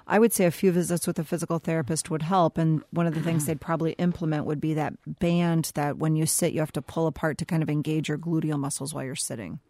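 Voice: medium pitch, steady tone, fast, few pauses, dark tone, dry recording. A guest expert giving friendly, conversational physical therapy advice on a radio call-in show.

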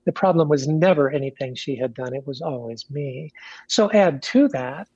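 Woman with husky voice on a dull line. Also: very deep voice, animated, mellow, no echo. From Kentucky. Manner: measured, candid, with fillers and restarts. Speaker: guest, pastor and author. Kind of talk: reflective radio interview.

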